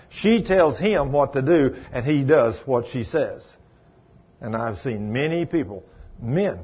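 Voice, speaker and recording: A man's voice: on the high side, breathy edge. A man preaching a sermon, emphatic, rising and dropping his voice for stress as he tells a story. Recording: dull lo-fi recording.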